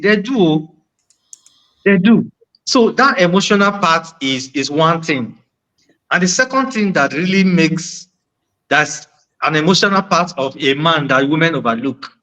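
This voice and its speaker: A man's voice: fairly high pitch, fairly bright tone, low-quality recording. A man on a discussion panel, making his point earnestly and often repeating phrases. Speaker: panel guest.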